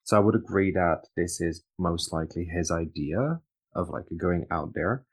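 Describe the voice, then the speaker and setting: Deep gravelly man reading tarot. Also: normal speed. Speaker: tarot reader co-host. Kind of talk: casual tarot reading chat.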